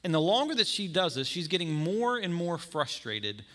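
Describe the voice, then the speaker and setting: Bright, conversational male pastor preaching. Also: fairly high pitch, sing-song, normal speed. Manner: conversational preaching with acted-out scenes. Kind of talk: sermon.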